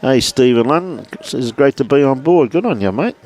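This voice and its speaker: A man's voice: medium pitch, lively intonation, normal speed, a little mellow. A man with an Australian accent giving casual live commentary on a lawn bowls livestream, chatting and greeting viewers by name between shots.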